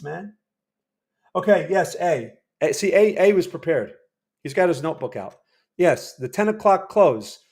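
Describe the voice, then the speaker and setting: A man hosting a live day-trading stream, chatty and rambling as he comments on trades and quizzes his chat. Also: a little high. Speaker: day trading livestream host.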